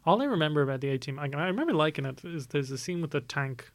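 A man's voice: a little high, expressive, quick pace, no room sound. A man who is a guest on a podcast, chatting casually about films and asking questions. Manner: asks questions, joins in briefly. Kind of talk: casual film discussion.

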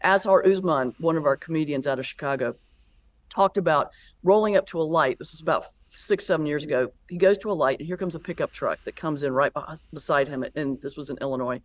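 A woman pastor and comedian, a guest in an interview, telling stories in a lively, animated way. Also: low-pitched, brisk. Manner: animated storyteller, lively retelling with laughs. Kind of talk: conversational interview.

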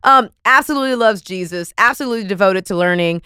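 An excitable woman hosting a podcast, chatting in a playful, rambling way. Her voice is smooth and clear, recorded close and dry with no room sound. She often breaks off mid-sentence and jumps to the next thought. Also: mid-range voice, fast, no room sound. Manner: excitable, playful, talks over herself. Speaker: podcast host. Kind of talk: casual podcast chat.

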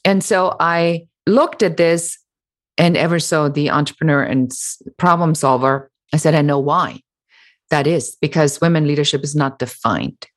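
A middle-aged woman, an author and business founder, answering interview questions in an animated, emphatic way with sarcastic mimicry. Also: low voice, moderate pace.

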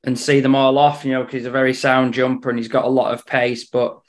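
A man's voice: mid-range voice, little pitch movement, fast talker. Man chatting horse racing tips. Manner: hesitant, repeats words, dry humour. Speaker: racing tipster on betting podcast. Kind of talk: casual podcast chat.

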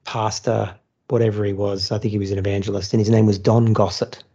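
A man tells a story in loose podcast chat, blunt and animated, dropping swear words. His voice is gravelly with a husky edge. The audio sounds a little dull and lo-fi. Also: on the low side, fairly quick. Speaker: former churchgoer turned atheist, storyteller.

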